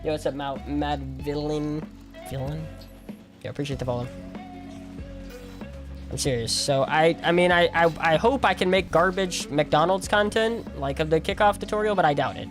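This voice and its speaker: A man's voice: on the high side, moderate pace, over music. A tired man in his twenties streaming, chatting casually in a rambling, self-mocking way and laughing often. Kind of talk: casual livestream chat while gaming.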